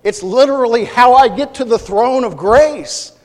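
A man's voice: very high-pitched, normal speed, a little mellow, big-room sound. A male pastor preaching a sermon in an impassioned way, with frequent restarts and repeated words.

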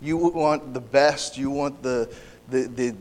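A man delivers a sermon in a mid-pitched voice. He speaks earnestly and haltingly, stumbling over his words, repeating them and restarting his sentences. He pushes louder on the phrases he means to stress. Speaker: preacher.

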